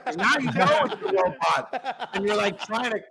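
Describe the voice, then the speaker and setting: A man telling an animated, swearing story in casual podcast chat, acting out the quotes. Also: sits high, normal speed, vocal fry, over a noisy crowd. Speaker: podcast guest.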